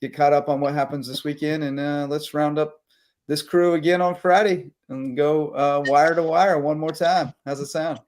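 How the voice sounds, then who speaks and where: A man's voice: a little high, normal speed. Tired, rambling man hosting late-night sports talk. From South Carolina Lowcountry. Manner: rambling, energetic, reading sponsor shout-outs. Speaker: sports talk show host. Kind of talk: casual late-night live sports chat.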